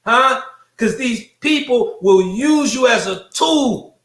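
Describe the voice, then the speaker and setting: A man rails through a fiery monologue, his bright, forceful voice swinging up and down in pitch. He preaches with profanity, throws out rhetorical questions and repeats lines for effect. The sound bounces around an echoey room. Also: lively intonation, takes it slowly. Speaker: show host.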